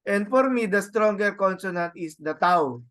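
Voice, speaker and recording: A man with a Filipino accent teaching a Greek grammar lesson, halting and repeating words, often adding "no?" to check on students. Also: sits high, lively intonation, a bit bright. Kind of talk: classroom lecture.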